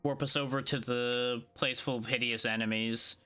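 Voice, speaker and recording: A man's voice: medium pitch, steady tone, moderate pace, sharp tone, clean tone, faint music behind. A tired man streaming a video game, casually thinking aloud as he plays. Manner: laid-back, sleepy, thinking aloud. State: tired, yawning. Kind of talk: casual gameplay commentary.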